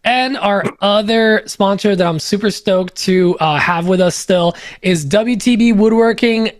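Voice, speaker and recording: Man, native Polish speaker, high voice, dry close sound; upbeat, jokey sponsor read. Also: a little slow, dry recording. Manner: upbeat, joking, loose with fillers. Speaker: podcast co-host reading sponsor spots. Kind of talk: casual ad read on a podcast.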